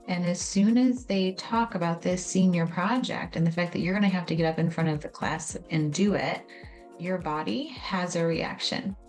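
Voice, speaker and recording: Conversational woman explaining, fairly low voice. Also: a little mellow. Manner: casual, conversational, acts out little scenes. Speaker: educator explaining memory and trauma. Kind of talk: explanatory video talk.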